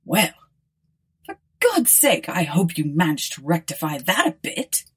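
A woman voicing a flustered, indignant young man in an audiobook, with excitable high-pitched outbursts. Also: a little slow, husky, heavily acted. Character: flustered, indignant young Englishman, easily panicked.

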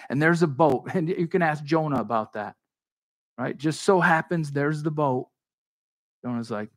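A man's voice: fairly high pitch, moderate pace. A man preaching a sermon as pastor, talking in a conversational but emphatic way, with restarts and asides to his congregation. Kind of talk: expository sermon.

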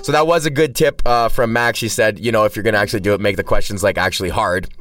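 A man's voice: lowish voice, fairly even intonation, quick pace, a bit bright, soft background music. A man hosting a solo podcast who is also a stand-up comedian, rambling casually with heavy swearing and constant restarts. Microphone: cheap mic, set back from the speaker. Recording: distant, dry sound from a poor mic.

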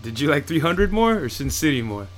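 A man with a slightly raised pitch, talking in a casual, enthusiastic way. He swears now and then and chimes in with short agreements. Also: sing-song, brisk. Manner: casual, enthusiastic, mildly profane. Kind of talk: casual chat.

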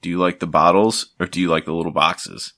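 Low, bright-voiced man chatting and laughing. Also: steady tone, fairly quick, no echo, studio quality. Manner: laughs a lot, acts out ads in a mock announcer voice. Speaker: podcast co-host. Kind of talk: casual chat.

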